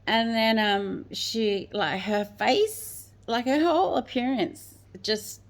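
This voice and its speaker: A woman's voice: a little high, animated, slow. A woman hosting her own show, telling a personal story casually, full of "like" and "you know" fillers. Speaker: host.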